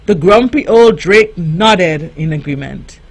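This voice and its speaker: Woman reading a kids' storybook real slow, bouncy voice. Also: on the low side, slightly rough. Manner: slow, expressive read-aloud with lively voices. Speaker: youth radio host.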